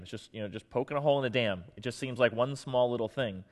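A man's voice: mid-range voice, quick pace, long reverb tail. Man preaching with a self-mocking storyteller's tone. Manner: conversational, self-mocking, with many fillers. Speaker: pastor. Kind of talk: humorous storytelling sermon.

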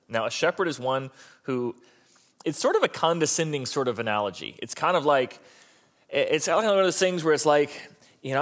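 A man's voice: medium pitch, normal speed. A man preaching a conversational, joking sermon, often restarting his sentences mid-thought. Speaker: pastor.

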